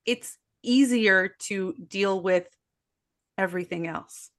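A woman's voice: mid-range voice, slow pace, a bit bright. A mother of boys in casual conversation, earnest and explanatory. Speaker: parenting podcast host or guest, mother of boys.

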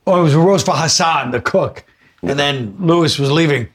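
A man's voice: on the high side, normal speed. A man in casual chat, mostly reacting with short laughs and comments to another's stories. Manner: brief reactive interjections, laughing along. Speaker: guest comedian.

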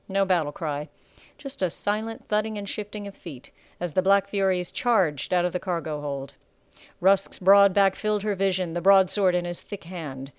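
Smooth-voiced woman narrating a story. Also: medium pitch, dry recording. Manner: measured, dramatic storytelling. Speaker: audiobook narrator. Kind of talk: scripted narration.

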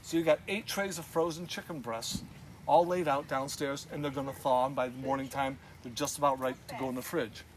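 A man's voice: medium pitch, fairly quick, slight background noise. A man casually telling an anecdote as a guest, swearing often and breaking into laughs. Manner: profane, laughing, animated storyteller. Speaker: guest storyteller, former club owner.

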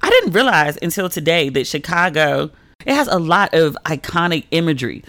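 A woman's voice: sing-song, moderate pace, a bit bright, no room sound. Chatty woman host, dry close sound. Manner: chatty storytelling, heavy use of "like", swings pitch when quoting people. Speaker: podcast host. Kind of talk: casual solo chat.

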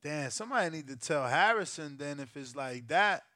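A man hosting a live stream, reacting to a fight with loud, profane exclamations. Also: on the high side, moderate pace. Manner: excitable, profane, shouts and exclaims.

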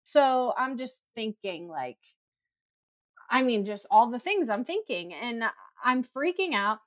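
A woman's voice: fairly high pitch, sing-song, slow. A woman in her thirties, chatting casually and telling stories with animation, acting out her own screams and quotes. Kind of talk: casual chat.

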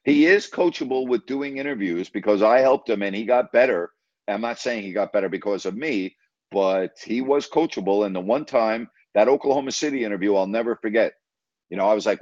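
A man with a low voice tells a story in a casual interview, speaking emphatically and acting out conversations. The recording is dry and slightly dull. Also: fairly quick, darkish tone, no room sound. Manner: emphatic, retells conversations with repeated "I said". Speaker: former team broadcaster.

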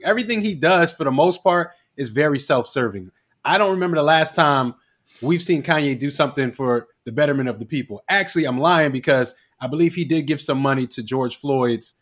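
A man co-hosting a podcast, speaking in heated, emphatic and profane casual chat. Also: on the high side. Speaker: podcast co-host.

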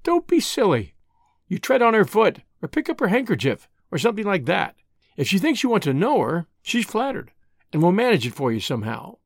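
A spirited young woman full of schemes, as an audiobook reader puts her on, talking in a brisk, teasing way. Her voice swings lively up and down. The sound is dry and close. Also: medium pitch, dry recording. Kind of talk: audiobook reading.

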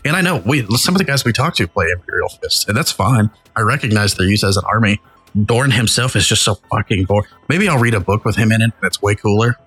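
A man's voice: lowish voice, animated, fast talker, fairly bright tone, breathy edge, faint music behind. A man from Tennessee with a Southern accent, co-hosting a casual podcast and teasing his co-host. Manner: joking, teasing, profane. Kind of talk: casual chat.

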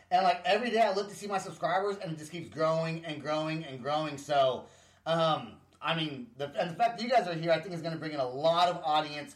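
A man hosting a podcast interview, excitable and rambling, laughing often as he talks. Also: on the high side. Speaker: podcast host. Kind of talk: casual interview chat. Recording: roomy echo.

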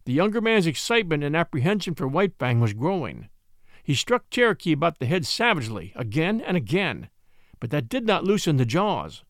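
A man narrating an adventure story aloud in an expressive, dramatic reading. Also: on the high side, a little fast, no echo, clean studio sound. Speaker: audiobook narrator.

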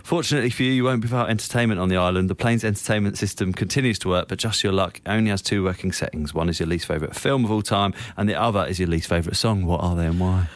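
A man's voice: deep voice, very fast, hardly any pauses. A man hosting a podcast, reading set-up questions and reacting with short laughs. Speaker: podcast host. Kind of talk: casual interview chat.

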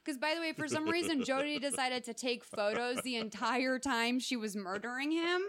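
A woman's voice: high voice, normal speed, fairly bright tone. A woman hosting a podcast, chatting casually and sarcastically, with lots of "like" in her speech. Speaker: podcast host. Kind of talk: casual chat recapping a true-crime film.

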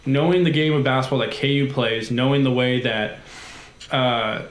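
A man's voice: mid-range voice, steady tone, normal speed. Enthusiastic man in an echoey room. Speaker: podcast co-host. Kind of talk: casual interview chat. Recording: echoey room, faint noise.

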